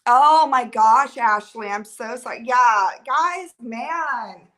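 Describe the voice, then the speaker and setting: A woman in her thirties chats on a casual livestream and reacts to viewer comments. Her voice is bright and edgy and sits slightly high. She talks in a flustered, rambling way, with filler words piling up between thoughts. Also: takes it slowly. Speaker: livestream host.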